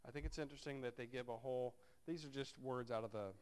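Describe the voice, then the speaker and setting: A man's voice: mid-range voice, quick pace, darkish tone. A man preaching a sermon, reading scripture aloud and breaking off into wry, conversational asides to his congregation. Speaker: pastor.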